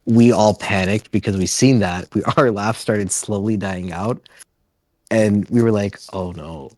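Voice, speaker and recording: A man's voice: lowish voice, fairly even intonation, a little slow, darkish tone, no room sound. A man being interviewed on a podcast, telling loose rambling stories and laughing as he goes. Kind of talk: casual storytelling interview.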